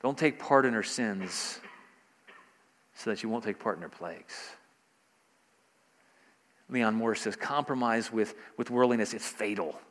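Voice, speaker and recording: A man's voice: on the low side, unhurried, pauses often, fairly bright tone. Man preaching in an echoing hall. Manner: preaching with rising emphasis, repeating key phrases. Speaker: pastor. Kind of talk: sermon.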